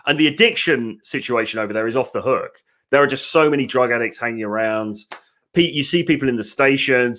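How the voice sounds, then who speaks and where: A man's voice: mid-range voice, fairly bright tone. A young British man hosting a podcast, in casual chat with chatty asides and frequent restarts. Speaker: podcast host.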